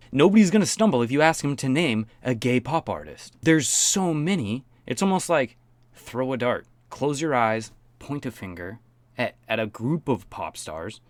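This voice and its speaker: A man's voice: mid-range voice, sing-song, moderate pace, no echo. A man giving mocking, profane commentary on a pop star. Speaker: commentary host. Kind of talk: sarcastic commentary.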